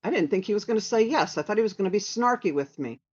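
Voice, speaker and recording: A woman telling a personal anecdote in a casual, animated way, acting out what others said. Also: mid-range voice, fast talker. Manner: animated, quoting others in lively voices. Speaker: storyteller sharing memories. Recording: dull lo-fi sound.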